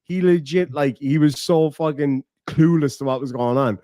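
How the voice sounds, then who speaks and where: A man's voice: on the high side, normal speed, dark tone, dry recording, clean studio sound. A man hosting a casual late-night stream, telling stories with lots of swearing and laughter. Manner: profane, laughing storyteller. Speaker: streamer host.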